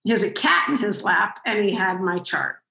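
A woman podcast host telling a story in an animated way, with frequent restarts. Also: mid-range voice, normal speed, vocal fry, reverberant, poor audio. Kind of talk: conversational storytelling.

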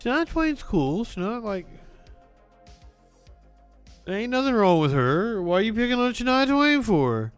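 A man's voice: high voice, sing-song, a little slow, long pauses, clean tone, faint music behind. A man co-hosting a late-night comedy talk stream, bantering casually with self-deprecating, stammering restarts. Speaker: co-host. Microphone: lighter held as a prop mic.

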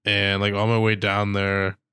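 Young guy w a lowish smooth voice, crude jokes, dry close sound. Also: completely flat delivery, unhurried, sharp tone, dry recording. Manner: crude joking, filler-heavy. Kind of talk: casual chat.

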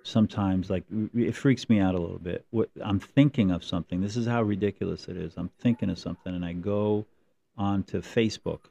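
A man's voice: deep voice, fairly quick, vocal fry. A man co-hosting a podcast, chatting casually and telling rambling stories. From New Jersey. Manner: rambling, animated storytelling with mimicked voices. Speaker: podcast co-host. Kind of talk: casual chat.

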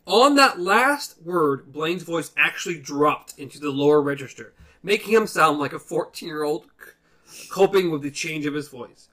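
Bright, lively man reading aloud. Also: on the high side, normal speed. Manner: animated, reacts and chuckles between passages. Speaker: co-host reading a novel aloud. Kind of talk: reading a novel aloud with casual commentary.

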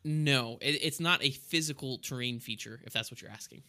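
Bright-voiced man explaining aviation jargon. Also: mid-range voice, a little fast. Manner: explains jargon patiently, laughs easily. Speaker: co-host, airline pilot. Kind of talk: casual podcast chat.

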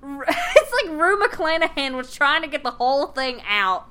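A woman recaps a sitcom in casual podcast chat, breaking into laughter and acting out the lines. Her voice sits slightly high and has a bright, forward tone. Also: wildly swooping pitch, a little slow. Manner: chatty, laughs often, acts out quotes. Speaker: podcast co-host.

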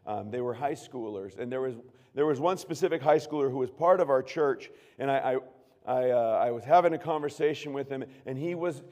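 A man preaching a sermon as pastor, earnest, moving from hushed tones to loud emphatic bursts. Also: medium pitch. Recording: long reverb of a large room.

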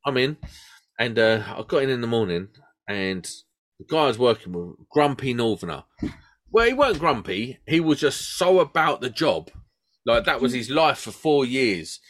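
A man's voice: mid-range voice, big pitch swings, normal speed, a bit bright. A man, chatting casually and telling stories as podcast co-host. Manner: chatty storyteller, laughs often. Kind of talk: casual chat.

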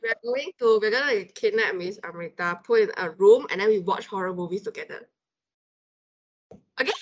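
A woman hosting a casual chat with a Malaysian English accent, playful and excitable. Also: mid-range voice, normal speed, lo-fi sound.

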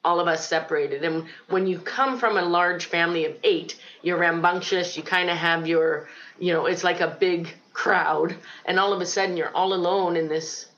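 A middle-aged woman from Ohio recounts her childhood in an interview, earnest and reflective, with frequent pauses and ums. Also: on the low side, fairly even intonation, a bit bright, lo-fi sound. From Ohio, United States. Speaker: guest telling her life story. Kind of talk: personal testimony in an interview.

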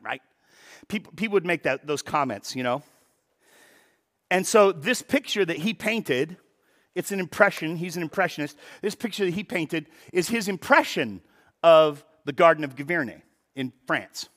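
Guy preaching a sermon, real animated, voice jumps all over, tosses out rhetorical questions. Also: a little high, normal speed, long pauses. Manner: animated, rhetorical questions, repeats words when starting sentences. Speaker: pastor.

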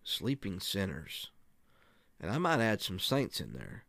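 A man's voice: deep voice, wildly swooping pitch, measured pace, creaky, fairly bright tone, dry recording. A man teaching other preachers in an earnest, emphatic way. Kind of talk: preaching instruction.

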